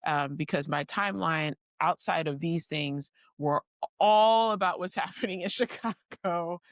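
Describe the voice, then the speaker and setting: A woman's voice: fairly low pitch, measured pace, no echo, studio quality. A woman co-hosting a podcast in casual chat, a chatty storyteller who laughs through her stories. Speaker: podcast co-host.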